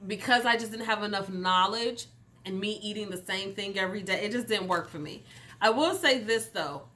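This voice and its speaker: A woman's voice: mid-range voice, sharp tone. A young adult woman, a mental health coach and channel host, chatting casually with viewers while eating on camera. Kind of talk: casual mukbang vlog chat.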